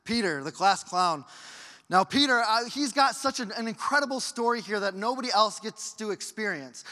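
A man preaching a sermon as a pastor, acting out quoted voices and moving between loud bursts and hushed lines. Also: extremely high pitch. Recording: hall reverb.

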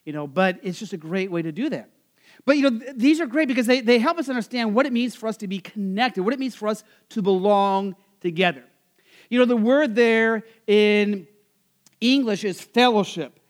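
A man's voice: high voice, animated, normal speed. A man from Nebraska preaching a sermon to his congregation in a chatty way, with lots of fillers and questions put to the people in the pews. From Nebraska, USA. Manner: conversational, full of fillers, asks the congregation questions. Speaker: pastor. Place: church service.

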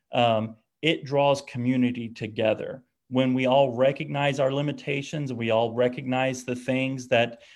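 A man giving an informal talk on disability and faith, speaking casually with frequent restarts and tag questions. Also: mid-range voice. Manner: casual, restarts often, tags lines with "right?".

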